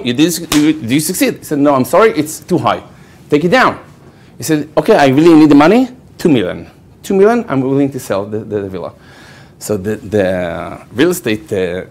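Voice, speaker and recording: A lively rabbi, originally a Hebrew speaker, recounts a Torah story to a live crowd. His voice runs somewhat high, and he dramatizes the speakers he quotes while frequently asking his listeners "okay?".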